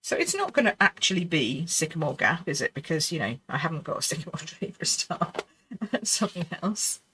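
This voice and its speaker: A middle-aged woman leads a live card-making lesson with a bright, clear voice. She chats warmly to her viewers, reassures beginners and laughs often, muttering to herself mid-task. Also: sits low, very animated, fairly quick, slight background noise. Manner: chatty, reassuring, laughs often, talks to herself while working. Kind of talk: live crafting demonstration.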